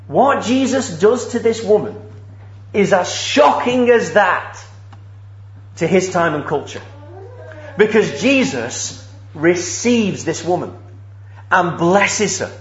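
A man delivers a sermon in an earnest storytelling manner, posing rhetorical questions to his listeners. His voice sits fairly high for a man. The recording sounds roomy and a little dull. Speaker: preacher.

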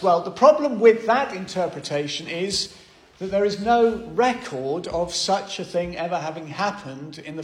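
A man preaching an expository sermon, explaining a passage slowly and thoughtfully with pauses. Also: on the high side, reverberant, rough recording.

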